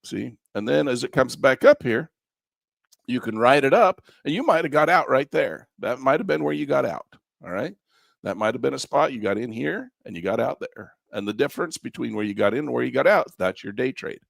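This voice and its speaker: Male instructor, gravelly and lively, folksy coaching tone, dry close recording. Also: mid-range voice, brisk, dry recording. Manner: folksy, repetitive coaching with chuckles. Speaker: trading instructor. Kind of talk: live screen-share trading class.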